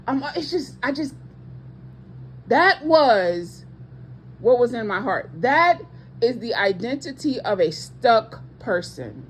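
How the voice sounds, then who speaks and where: A woman's voice: fairly high pitch, very animated, takes it slowly, a little hiss or hum. A woman preaching with passion to online viewers as a ministry host, emphatic and repeating her points, with speech patterns and casual asides.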